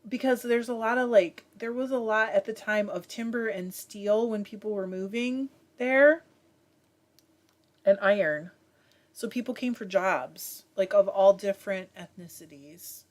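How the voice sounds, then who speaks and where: A woman's voice: medium pitch, unhurried. A woman from Michigan hosting a casual livestream, chatting and reading viewer comments aloud with many fillers. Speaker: livestream host reading chat. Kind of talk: casual chat.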